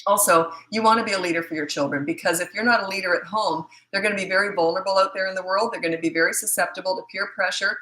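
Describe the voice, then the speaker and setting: Bright-voiced blunt Canadian woman coach. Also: mid-range voice, racing, few pauses, low-quality recording. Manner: chatty, blunt, matter-of-fact. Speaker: parenting coach. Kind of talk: casual livestream Q&A.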